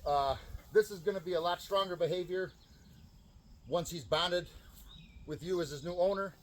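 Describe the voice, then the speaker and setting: A male dog trainer explaining recall training outdoors in a calm, practical way. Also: normal speed. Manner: calm explaining, bursts of high excited praise to a dog.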